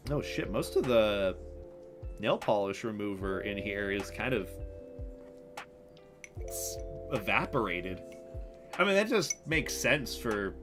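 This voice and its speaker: A man's voice: lowish voice, sing-song, slow, long pauses. A young man chatting casually on a livestream, rambling and self-deprecating, with some swearing. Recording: music playing behind the voice.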